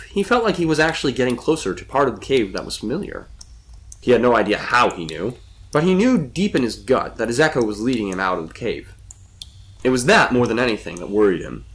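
A man reading a spooky story aloud in scripted narration, with expressive delivery. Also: lowish voice.

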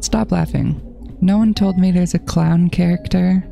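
Woman, horror game commentary, low gravelly voice, jittery self-talk. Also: fairly even intonation, measured pace, dark tone, faint music behind. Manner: jittery, muttering to herself, repeats herself nervously. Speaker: gaming channel host.

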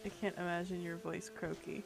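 A woman chatting casually with other players during a game, easygoing and quick to giggle. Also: lowish voice, flat delivery, vocal fry. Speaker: fellow player. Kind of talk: casual gaming chat.

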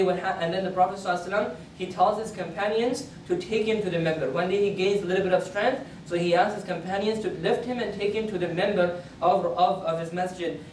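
In a mosque prayer hall, a man with a high, somewhat dark voice delivers a Friday sermon as a story. He speaks earnestly, repeats phrases, and raises his voice for quoted words. The hall is echoey, his voice sounds distant, and there's a slight hiss or hum.

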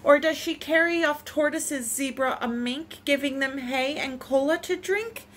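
High-voiced woman reading a picture book. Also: a little slow, a little hiss or hum. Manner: expressive, lilting. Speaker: storytime reader. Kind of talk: reading picture books aloud.

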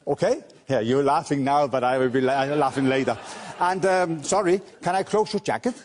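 A man's voice: fairly high pitch, normal speed, a little mellow, slight background noise. Playful man doing a pickpocket stage act. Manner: playful, teasing, coaxing audience volunteers. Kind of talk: live stage patter with volunteers.

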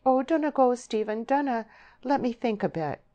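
A tender, proud young countrywoman with rustic dialect speech, pitched well above the reader's own low voice, as a woman reads her part. She pleads earnestly and sounds torn, with a lifted, brighter tone. Storybook audiobook delivery. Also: unhurried, lightly acted. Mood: distressed.

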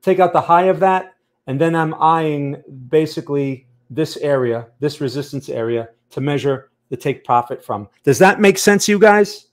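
A man's voice: a little high, moderate pace. Man hosting a live trading stream. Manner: conversational, keeps checking in with "okay?" and "right?". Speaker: trading channel host. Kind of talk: live-stream market analysis, reading chat.

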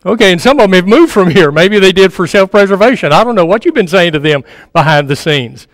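A man's voice: high voice, lively intonation, quick pace, no room sound, studio quality, in a large hall. A man preaching a sermon in a conversational way, repeating phrases for emphasis and sometimes dropping to a near-murmur. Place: church sanctuary.

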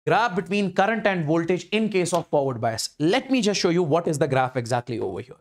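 A man's voice: a little high, very animated, fairly quick. A male physics teacher giving an exam-prep lecture, emphatic and repetitive, restating each step.

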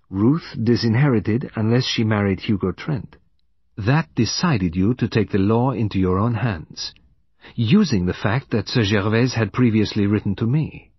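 A man voicing a calm, gentle elderly detective laying out his deductions in an audiobook. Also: medium pitch, husky, no echo. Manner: gentle, measured. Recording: dull dry recording.

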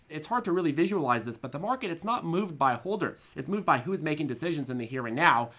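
Bright, emphatic market commentator man. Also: fairly high pitch. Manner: emphatic, quick, jokey asides.

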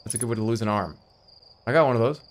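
A man streaming a video game, giving excitable live commentary that jumps into yelps and rapid repeats. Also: mid-range voice, background noise.

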